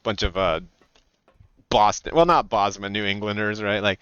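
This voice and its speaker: Animated, profane man streaming a game. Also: lowish voice, moderate pace, smooth, dry recording, muffled recording. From California. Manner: animated, profane, slips into loud mocking voices. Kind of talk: casual gaming commentary.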